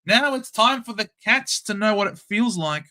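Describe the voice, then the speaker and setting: A young Australian man runs a casual live watchalong, calling each passage of play with blunt, excitable chatter. His voice is slightly high and very bright and sharp, sitting forward and tense. He jumps between play-by-play and offhand opinion like a regular host of his own show. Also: moderate pace. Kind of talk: casual live match commentary.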